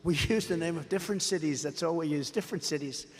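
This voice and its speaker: A man's voice: fairly high pitch, quick pace. An older man giving a rally speech, repetitive and boastful, acting out conversations with others. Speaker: politician at a rally. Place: large rally venue. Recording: long hall reverb.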